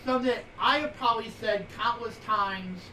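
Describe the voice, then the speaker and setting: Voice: mid-range voice, moderate pace, sharp tone. A streamer in their forties co-hosting a live show, casually rambling through wrestling news items with lots of fillers. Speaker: streamer co-host. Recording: roomy, distant from mic, faint noise.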